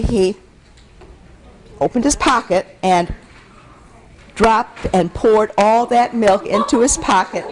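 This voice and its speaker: A woman storyteller from Michigan tells a folktale to a live audience in a bright, lively voice. Her pitch swoops widely as she draws the listeners in. Faint noise sits under the recording. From Michigan, USA. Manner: animated, coaxes the audience to repeat words.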